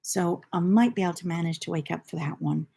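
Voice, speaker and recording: A woman's voice: fairly low pitch, brisk, vocal fry, warm tone, slightly rough. An older woman from the United Kingdom, hosting a knitting livestream in a rambling, chatty storytelling way. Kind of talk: casual chat.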